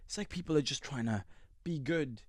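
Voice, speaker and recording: A young man co-hosting a podcast, talking in an animated, sweary, bantering way. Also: medium pitch, moderate pace, slightly rough, dry recording, clean studio sound. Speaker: podcast co-host. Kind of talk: casual chat.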